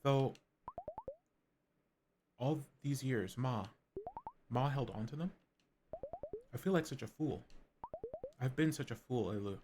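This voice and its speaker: A man's voice: medium pitch, slow, pauses often, darkish tone, a little hiss or hum, close to an everyday voice. A man voicing a tired, defensive mother in a video game, over game music. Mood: regretful.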